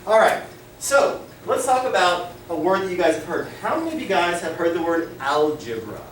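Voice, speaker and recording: A male teacher with a high voice runs a lively lesson, throwing questions at the class and slipping in Spanish phrases. He is picked up from across the room, so the sound is distant and echoey, with a faint hiss underneath. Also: normal speed. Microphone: camera across the room.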